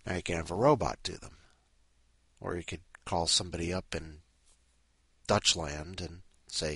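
A man's voice: lowish voice, moderate pace, long pauses, sharp tone, slightly rough, no room sound. A man hosting a podcast in a rambling, sleepy way, full of restarts and asides. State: sleepy, up at five in the morning. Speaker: podcast host. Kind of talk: casual rambling chat.

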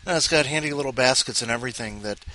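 A man's voice: medium pitch, sharp tone. A man hosting a podcast in casual chat, rambling with self-mocking asides. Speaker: podcast host.

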